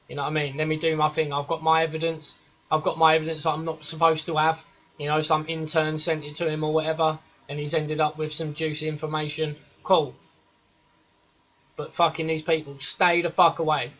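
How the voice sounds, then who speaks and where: A man's voice: on the high side, flat delivery, brisk, pushed and bright. A man reacting to a video clip, talking in a sweary, slangy, emphatic way. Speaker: reaction vlogger. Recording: dull lo-fi recording.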